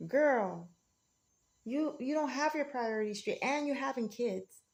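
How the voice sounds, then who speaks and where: Woman ranting to camera, kinda high voice, defiant, keeps repeating herself. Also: moderate pace. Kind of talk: emotional monologue to camera.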